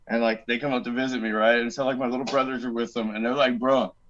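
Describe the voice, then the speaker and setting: Podcast guest, male veteran, animated storyteller who curses freely and imitates voices, on slightly dull audio. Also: mid-range voice, fast. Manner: animated, swears a lot, acts out quoted voices. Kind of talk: casual storytelling.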